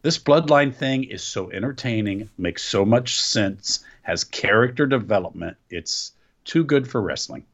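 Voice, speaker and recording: An opinionated man in casual conversation, sharing enthusiastic views as a co-host. His voice sits fairly low but moves through a wide range of pitch. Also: lively intonation, measured pace, lo-fi sound. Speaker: podcast co-host. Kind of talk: casual chat.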